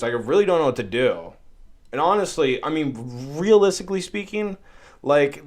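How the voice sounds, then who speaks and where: Swearing, exasperated young man ranting. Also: a little high. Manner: exasperated, swearing a lot, rambling. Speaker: podcast host. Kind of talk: casual solo podcast rant. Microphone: podcast microphone at a desk.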